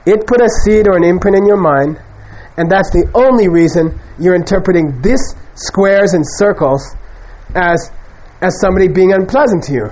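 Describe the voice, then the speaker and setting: A man giving a conversational Buddhist lecture, animated and acting out the people he quotes. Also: high voice, normal speed, rough recording. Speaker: Buddhist teacher. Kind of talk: casual spoken dharma lecture.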